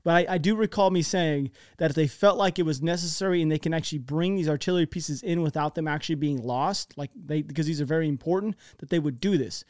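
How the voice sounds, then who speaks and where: A man's voice: fairly high pitch, fast talker, few pauses, a little mellow, no room sound, clean studio sound. An American man giving casual, rambling commentary over war maps, talking in a chatty way with many restarts.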